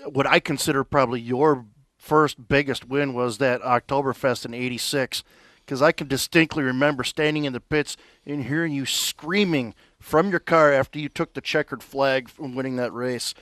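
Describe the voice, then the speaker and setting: A man's voice: mid-range voice, fairly even intonation, normal speed, fairly bright tone, no room sound. A man co-hosting a radio show, interviewing a guest in a chatty, teasing way.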